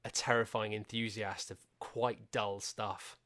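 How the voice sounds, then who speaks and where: A man's voice: on the low side, little pitch movement, a little slow, bright, forceful tone. A man, a podcast guest, telling stories in a wry, self-deprecating casual chat. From England.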